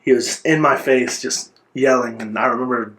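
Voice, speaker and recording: A man's voice: mid-range voice, steady tone, a bit bright. Earnest man recounting his life story. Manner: earnest and reflective, pausing to gather words. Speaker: interview guest. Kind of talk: personal life story in an interview.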